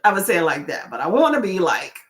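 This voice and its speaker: A woman hosting a livestream, chatting casually with viewers and telling stories in an animated way. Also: fairly low pitch, quick pace. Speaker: livestream host; nurse.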